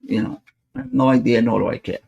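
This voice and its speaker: A man's voice: medium pitch, steady tone, fast talker, vocal fry, dark tone, lo-fi sound. A man, hosting a podcast and animatedly telling a personal story, acting out the dialogue. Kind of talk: casual storytelling.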